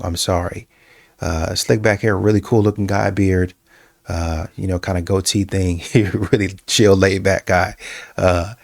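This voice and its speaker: A man delivers casual reaction commentary in a low, gravelly voice, repetitive and emphatic, full of fillers and restarts. He breaks into animated, mocking quotes. There's no echo.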